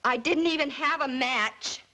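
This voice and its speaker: A woman's voice: sits high, measured pace, sharp tone. Frightened pleading young girl. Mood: desperate. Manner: pleading, tearful denials. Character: frightened young girl accused of starting fires. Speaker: daughter. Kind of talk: 1950s TV drama acting.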